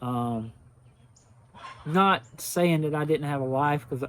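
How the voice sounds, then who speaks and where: A man's voice: on the high side, slow, fairly bright tone, slight background noise. An older man, hosting a knife channel, talking to his viewers in a heartfelt, humble, emotional way and repeating himself often. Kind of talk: casual heartfelt talk to viewers.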